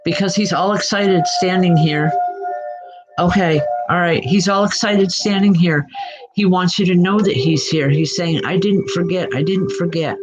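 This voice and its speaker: A woman who works as a spiritual medium gives live online readings, speaking gently and haltingly and calling viewers by name. Her voice is fairly low. The audio is muffled and lo-fi, with music playing behind her.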